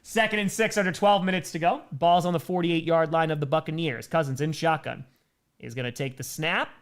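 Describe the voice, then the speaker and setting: A man with a slightly higher-than-average voice calls each play as it happens, in a steady broadcast rhythm. Between downs he drifts into casual chat and reads viewer comments aloud. He sounds close to a desk mic at a home streaming setup. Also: brisk, clean tone. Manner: calls plays in a running broadcast cadence, then reads viewer messages. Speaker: live stream host doing play-by-play.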